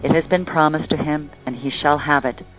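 A man's voice: fairly high pitch, fairly even intonation, a little fast, close to an everyday voice. A man reading a stern town judge. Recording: tinny phone-like line, faint music.

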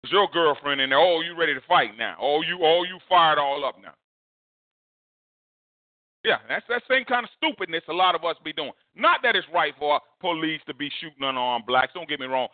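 A male pastor preaching a storytelling sermon, leaping high in pitch to act out a shouting crowd. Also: dry recording. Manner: animated, swings high to mimic a shouting crowd. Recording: dry, phone-like narrow sound.

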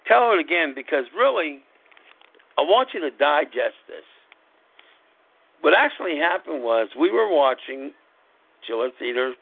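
A man's voice: mid-range voice, no echo. A middle-aged man hosting a podcast, telling a story in a casual, rambling way and correcting himself as he goes. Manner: rambling, self-correcting, chatty. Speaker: podcast host. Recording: tinny phone-like sound.

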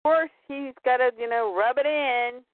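A woman's voice: high voice, no room sound. A woman chatting casually as a comic book podcast co-host, summing up a story and briefly acting out its characters. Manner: animated, acts out lines of characters in quick voices. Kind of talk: casual chat recapping comics. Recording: tinny phone-like dry sound.

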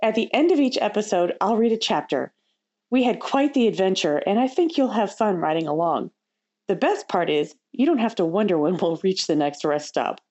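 A woman's voice: mid-range voice, lively intonation, moderate pace, a little mellow, muffled recording. Upbeat woman hosting a travel podcast. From United States. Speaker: podcast host. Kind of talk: scripted travel podcast narration.

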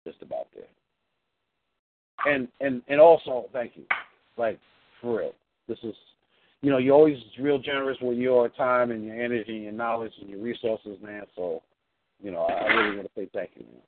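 A man's voice: medium pitch, normal speed, long pauses. A man on a casual coaching call, laid-back and thankful. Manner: laid-back, grateful, calls him bro. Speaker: client recording the call. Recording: tinny phone line with noise.

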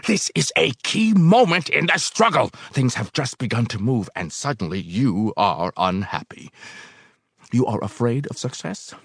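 A man's voice: low voice, husky, dry recording, clean studio sound, exaggerated voice. A man voicing a sarcastic, domineering leader. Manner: sarcastic, explosive, commanding. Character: domineering male organization leader, sarcastic and forceful.

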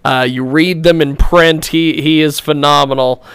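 A man's voice: fairly high pitch, steady tone, measured pace, fairly bright tone, smooth, no echo. A man hosting a talk show, laughing often and encouraging his guest, introducing segments in an amused way.

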